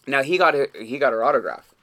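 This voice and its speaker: A man's voice: mid-range voice, animated, fast, pushed and bright. A man telling rambling, profane stories as a guest in a casual podcast studio chat, full of restarts and quoted asides.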